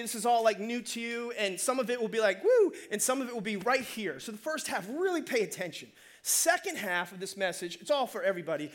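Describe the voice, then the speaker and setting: Energetic high-voiced male pastor preaching. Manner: energetic, conversational preaching with call-outs to the congregation. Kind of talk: sermon. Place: church.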